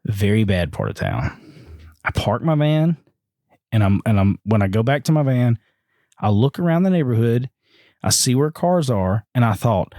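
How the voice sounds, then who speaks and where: A man telling a story on a podcast, animated and acting out the voices of the people in it. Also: normal speed, no echo, studio quality. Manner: animated, acts out quoted voices with big pitch jumps. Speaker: podcast guest. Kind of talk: casual storytelling.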